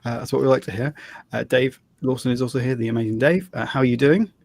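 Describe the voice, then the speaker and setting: A man with a husky voice hosts a live tabletop role-playing stream, setting up the game. He talks casually and loosely, stopping to restart sentences and dropping in fillers as he goes. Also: mid-range voice, steady tone, quick pace, darkish tone, dry recording. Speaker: host and game master.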